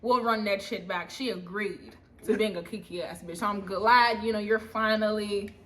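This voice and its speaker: Bright-voiced young woman chiming in. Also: mid-range voice, fairly even intonation, normal speed, a little hiss or hum. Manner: chiming in, emphatic backing. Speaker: co-host friend. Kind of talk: casual chat.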